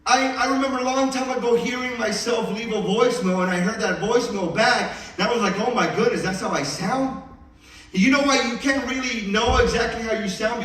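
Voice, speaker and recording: A pastor preaching an earnest, emphatic sermon, with a slight mumble and loose enunciation. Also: male voice, high-pitched, brisk, few pauses, a bit bright. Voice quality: mumbles, does not enunciate crisply. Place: church sanctuary. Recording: very echoey hall, distant mic.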